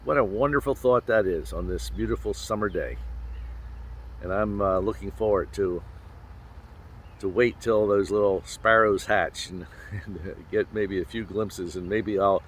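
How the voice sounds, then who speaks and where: Man, low voice, devotional host, gentle folksy talk, handheld phone recording, faint traffic noise outdoors. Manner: gentle, folksy, with pauses and small laughs. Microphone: handheld phone camera.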